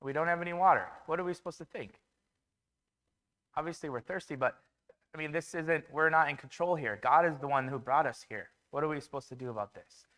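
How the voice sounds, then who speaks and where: A man's voice: a little high, fairly quick, bright, forceful tone. A man preaching a conversational sermon in a church, with fillers and restarts.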